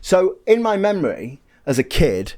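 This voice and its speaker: A man's voice: sits high, very animated, normal speed, a little mellow. A man co-hosting a podcast in casual chat, bemused and full of hesitant restarts. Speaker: podcast co-host.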